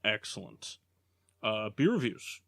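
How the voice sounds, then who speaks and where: A man's voice: lowish voice, sing-song, measured pace, vocal fry, pushed and bright, dry recording, studio quality. A man hosting a casual sports podcast, joking around and rambling with plenty of fillers. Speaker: podcast host. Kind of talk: casual chat.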